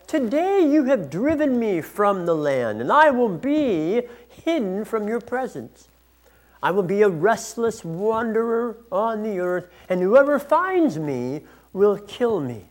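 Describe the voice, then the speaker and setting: A man's voice: sits high, very animated, slow, pitched above the performer's own voice, heavily acted. A man voicing Cain as an anguished, complaining wanderer during a sermon reading. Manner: complaining, pleading lament.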